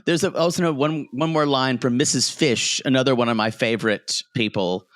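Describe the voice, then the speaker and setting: A man's voice: medium pitch, moderate pace, dry recording, clean studio sound. A man co-hosting a podcast, recapping a show in casual chat and acting out lines with laughs. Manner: animated storyteller, acts out quotes, laughs often. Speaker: podcast co-host. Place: home, street noise outside.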